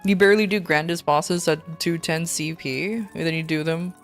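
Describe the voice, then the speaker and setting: A woman's voice: low-pitched, fairly even intonation, normal speed, faint music behind. A woman VTuber streamer chatting casually while gaming, rambling and ranting in an exasperated way.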